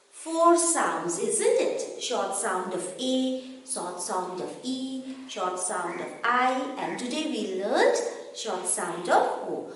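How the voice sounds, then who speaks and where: Slow, high-voiced teacher in an echoey room. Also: female voice, distant mic. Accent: Indian English. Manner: slow, spelling letters out and stressing each vowel, asking questions to children. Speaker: kindergarten teacher. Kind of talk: recorded phonics lesson for young children. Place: classroom or school room.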